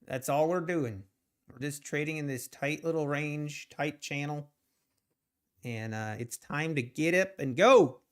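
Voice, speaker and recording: Casting note: man, live trading streamer, unhurried delivery, clean resonant tone, a bit high-pitched. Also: smooth. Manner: rambling, talks to the market and to chat viewers. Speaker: trading livestream host. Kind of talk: casual live commentary while trading.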